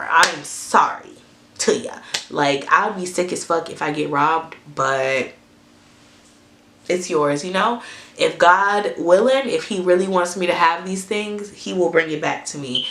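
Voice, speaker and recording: A young woman, telling a story to her camera in a lively, cussing, chatty way. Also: lowish voice, moderate pace, roomy sound. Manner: animated, swears freely, asides to viewers. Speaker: storytime vlogger.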